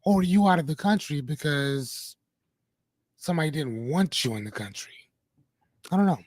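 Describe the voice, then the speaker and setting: A man's voice: fairly high pitch, animated, moderate pace, a little mellow, no echo. A man hosting a casual livestream, chatting playfully with viewers in a rambling way and greeting them by name. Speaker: livestream host.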